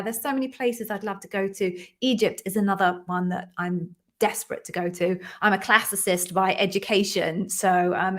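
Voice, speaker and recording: A middle-aged woman from London hosting a live stream, chatting warmly with viewers and greeting each by name before explaining her work as an interview coach. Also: mid-range voice. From London, England.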